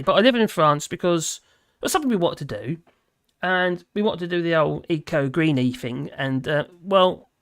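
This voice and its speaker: A man's voice: fairly high pitch, fairly bright tone, no room sound, clean studio sound. An English man casually chatting on his live stream, rambling and laughing as he answers viewers' comments. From England. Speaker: livestream host. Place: home in rural France.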